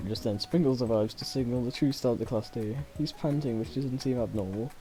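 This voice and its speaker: A man's voice: medium pitch, brisk, few pauses, music in the background. A man streaming a dating game, reading its text aloud with playful, laughing, joking asides.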